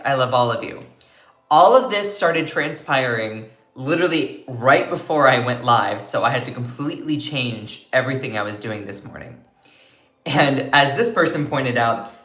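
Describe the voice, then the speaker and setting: A woman's voice: low voice, fairly bright tone, reverberant. A woman hosting a live-streamed news commentary show, chatty and opinionated, reacting to viewers as she talks. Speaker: host of a news commentary livestream.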